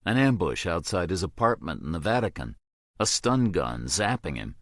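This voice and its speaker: A man reading a thriller audiobook in a measured, grave storytelling manner. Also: low-pitched, big pitch swings, dry recording, studio quality. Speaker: audiobook narrator. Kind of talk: scripted narration.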